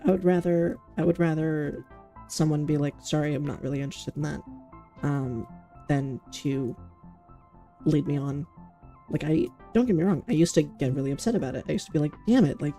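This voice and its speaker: A woman chats casually on a livestream, rambling and frank and swearing freely. Her voice is dark and mellow, with a gravelly fry running through it, and faint music plays behind her. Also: deep voice. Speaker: streamer.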